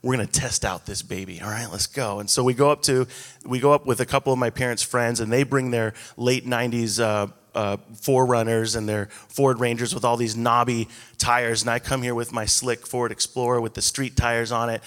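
A man's voice: medium pitch, little pitch movement, normal speed, fairly bright tone. A man in his thirties preaching a sermon, telling stories in a casual, self-deprecating, conversational way. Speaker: pastor. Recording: echoey hall.

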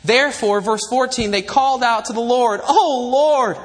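A man preaching a sermon in a church, emphatic and animated, with wry asides. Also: very high-pitched, brisk. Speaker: pastor. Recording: long reverb of a large hall.

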